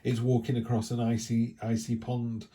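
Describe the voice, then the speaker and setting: A middle-aged man giving a casual tarot reading in a chatty, rambling way with animated asides. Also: mid-range voice, normal speed. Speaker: tarot reader.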